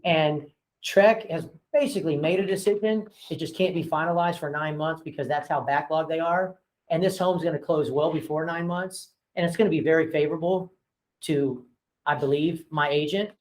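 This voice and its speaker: Speaking a little high and slightly mellow at a normal speed, this man owns a real estate brokerage and is training his agents informally. He shares candid stories from the job, voicing both sides of phone calls, in a chatty way packed with fillers. The recording quality is low.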